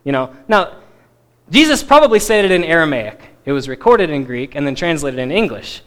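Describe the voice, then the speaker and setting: A man teaching a Bible passage in a sermon, stressing key words emphatically and dropping to quiet asides. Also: a little high, very animated, brisk. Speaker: preacher.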